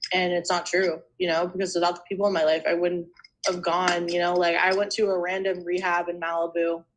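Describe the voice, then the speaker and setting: A woman's voice: fairly low pitch, level tone, fairly quick, a little hiss or hum, poor audio. Young woman telling her story casually. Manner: rambling, fills speech with "you know" and "like". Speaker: guest sharing recovery story.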